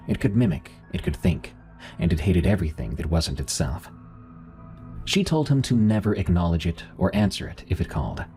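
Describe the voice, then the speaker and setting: Male horror narrator, low and mellow, measured delivery, soft music bed. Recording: faint music underneath.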